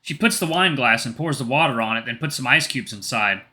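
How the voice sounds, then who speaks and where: Male narrator for a first-person visual novel read-through; bright, sharp, lively delivery. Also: mid-range voice, a little fast. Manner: plain reading with small slips and restarts. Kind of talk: first-person story reading.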